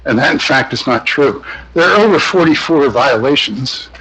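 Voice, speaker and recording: A man speaking during public comment at a county meeting. He talks in a forceful, formal and accusatory way. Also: mid-range voice, expressive, moderate pace, husky, low-quality recording. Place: county commission meeting room.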